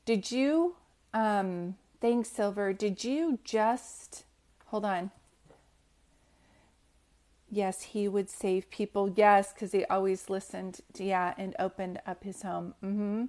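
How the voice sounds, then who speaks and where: A woman giving a casual live reading as a medium, her voice sitting in a comfortable middle range. She speaks gently and reassuringly, pausing often and filling the gaps with soft ums. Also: medium pitch, steady tone. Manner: gentle, reassuring, hesitant with many fillers. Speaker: psychic medium on a livestream.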